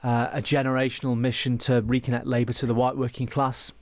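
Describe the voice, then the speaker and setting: A political journalist from northwest England, a man talking fast and animatedly as a radio studio guest, often restarting and repeating words. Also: medium pitch, level tone, no echo. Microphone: studio microphone.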